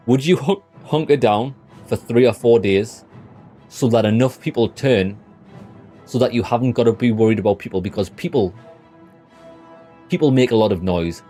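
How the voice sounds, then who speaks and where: Young British male game streamer: low, warm voice, rambling, blunt, sweary chat with viewers. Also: moderate pace, pauses often, soft background music. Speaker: gaming livestreamer. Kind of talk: casual chat with live chat.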